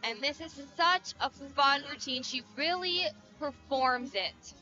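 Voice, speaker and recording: A woman's voice: sits high, slow, sharp tone, soft background music. A woman giving color commentary on a gymnastics meet, enthusiastic and chatty, with a muffled broadcast sound. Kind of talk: sports commentary.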